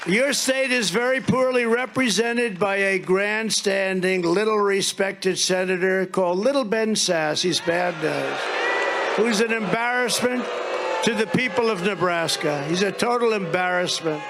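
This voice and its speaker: A man with a high voice and a gravelly edge speaks at a political rally. He tells rambling, mocking stories and slips into little acted-out exchanges between people. His delivery is loose and conversational. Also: unhurried, crowd noise, noisy background. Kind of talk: rally speech.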